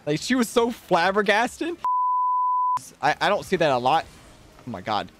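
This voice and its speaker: A man streaming a game, chatting casually with rambling restarts and sudden excited outbursts. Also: fairly high pitch, moderate pace, music in the background. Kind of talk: casual live-stream gaming commentary.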